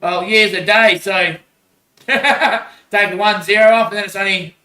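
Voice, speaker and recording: A man's voice: high voice, measured pace, pushed and bright. An Australian man in a rambling casual monologue, swearing a lot and laughing between phrases. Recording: echoey room, voice far from mic.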